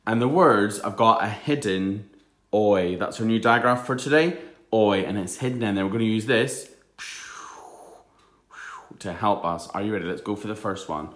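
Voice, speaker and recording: A man teaching a phonics lesson to young children, slowly sounding out words and breaking into excited shouts on the answers. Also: medium pitch, roomy sound.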